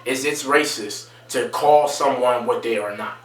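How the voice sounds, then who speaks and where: A man's voice: a little slow, fairly bright tone. A man giving an impassioned monologue to camera, repeating points emphatically and pushing his voice up to stress them. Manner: emphatic, repetitive, rising to raised pitch when stressing points. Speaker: video creator. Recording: roomy sound from a distance from the mic.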